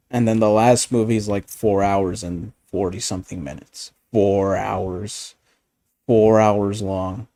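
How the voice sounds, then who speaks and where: A man ranting in casual chat as a streamer, animated and profane, often laughing. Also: fairly low pitch, no room sound.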